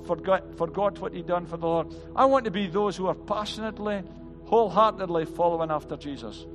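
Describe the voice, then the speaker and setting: A man's voice: high voice, long reverb tail. A male pastor preaching an earnest sermon, often stumbling and restarting his words. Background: band music.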